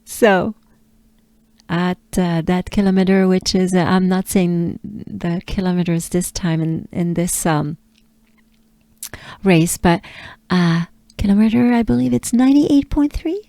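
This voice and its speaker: A woman with a French accent, a pronunciation coach who repeats each word slowly and patiently and cues the listener to breathe. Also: lowish voice, warm tone, no echo. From France. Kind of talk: slow pronunciation lesson.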